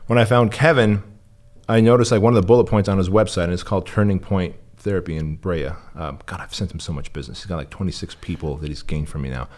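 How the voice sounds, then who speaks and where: Low-voiced blunt man from Armenia. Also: quick pace. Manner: blunt, profane, animated storytelling. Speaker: interview guest. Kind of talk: candid interview talk.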